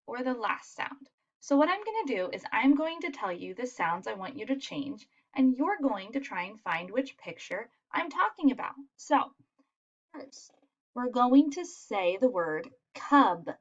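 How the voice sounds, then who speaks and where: A woman's voice: on the high side, dull audio. A woman teacher giving a recorded phonics lesson for children, patient and encouraging as she spells out sounds.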